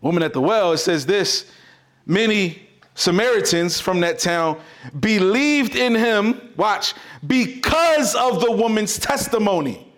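A man's voice: high-pitched, expressive, a little slow. A man preaching a sermon as pastor, emphatic and repetitive. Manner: emphatic, repetitive preaching with sudden swings in loudness.

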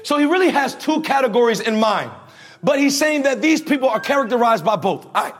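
A man's voice: extremely high pitch, animated, brisk. A male preacher giving a conversational, slangy sermon, leading the congregation in call-and-response.

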